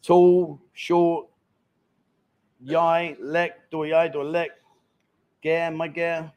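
A man's voice: fairly high pitch, little pitch movement, very slow, clean tone, lo-fi sound. A man in his fifties hosting a live chat show, joking and teasing guests and viewers in casual banter. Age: 50s.

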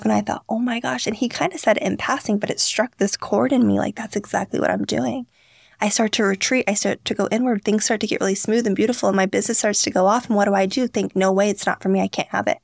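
An earnest young woman tells stories on a podcast, slipping into quoted voices as she goes. Her voice carries a gravelly fry. The sound is dry and close. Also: mid-range voice, steady tone, fast talker, dry recording. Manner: earnest, storytelling, acts out quotes. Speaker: podcast guest, founder. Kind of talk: candid interview talk.

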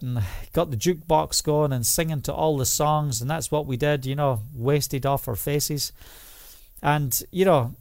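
A man preaching a personal testimony, moving from low, quiet storytelling to loud, emphatic preaching. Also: clean tone, no echo, studio quality. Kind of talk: sermon testimony.

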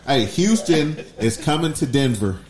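A man's voice: medium pitch, lively intonation, measured pace, reverberant, a crowd in the background. A man hosting a sports picks show, moving the group from game to game.

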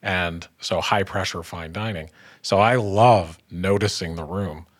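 A low-voiced man hosting a podcast, chatting casually with his guest. He sounds enthusiastic and agreeable, and laughs easily. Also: measured pace. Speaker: podcast host. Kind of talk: casual interview talk.

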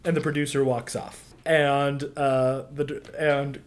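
A game master describes scenes for a tabletop game, often stopping and restarting mid-sentence. The voice sits in a middle pitch. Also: level tone, clear, resonant tone. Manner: halting, many fillers and restarts.

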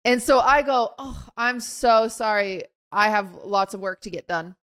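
A woman's voice: medium pitch, measured pace, fairly bright tone. A young woman co-hosting a podcast, telling a story in a casual chat and acting out quotes with lots of fillers. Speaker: podcast co-host.

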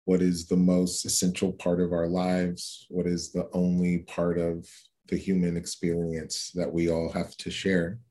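A man who writes about food, speaking as an interview guest in a measured, earnest way. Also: low-pitched, warm tone. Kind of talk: conversational interview.

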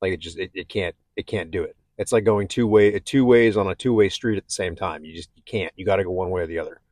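A man talking candidly and haltingly about his own struggles, with many restarts. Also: low-pitched, a little mellow, no echo. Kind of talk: personal reflective talk.

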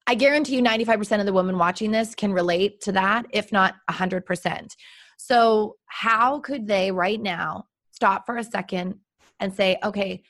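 A woman hosting an interview podcast who asks long, winding questions. She keeps her guest going with steady murmurs of agreement. Her voice sits at a middle pitch. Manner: encouraging, lots of affirming murmurs. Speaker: podcast host.

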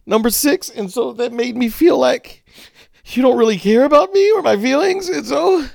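A man voicing an oversensitive colleague who feels hurt and ignored, speaking in a high, pleading, injured tone. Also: moderate pace, gravelly, darkish tone, no room sound, clean studio sound. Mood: hurt whining.

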